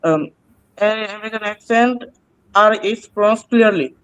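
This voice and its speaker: A man answering oral exam questions, halting and hesitant with many pauses and restarts. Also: high voice, fairly bright tone, clean tone, lo-fi sound. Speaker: student taking an oral exam.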